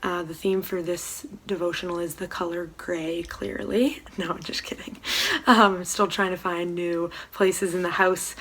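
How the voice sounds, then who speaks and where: Young woman doing a devotional from her house, lots of ums, kinda low flat voice. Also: measured pace, few pauses, slight background noise. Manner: soft-spoken, hesitant with many ums. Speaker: church devotional speaker. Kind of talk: casual home devotional talk. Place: room at home.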